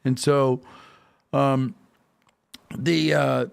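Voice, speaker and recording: Gravelly-voiced man, emphatic storyteller. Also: mid-range voice, flat delivery, very slow. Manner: emphatic storytelling, frequent "okay?" check-ins and filler restarts. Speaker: podcast guest. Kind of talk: animated casual talk.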